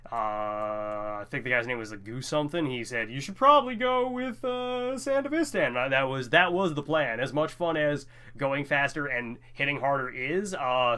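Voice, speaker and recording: Guy talking through a game casually, bright forward voice, trips over words a lot. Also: mid-range voice. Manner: rambling, stumbles over words. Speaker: let's play host. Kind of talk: casual gameplay commentary.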